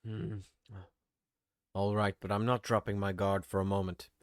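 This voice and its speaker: A man's voice: on the low side, little pitch movement, normal speed, clear, resonant tone, no echo, clean studio sound. A man playing a tabletop game, wry and suspicious while speaking for his character. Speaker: player.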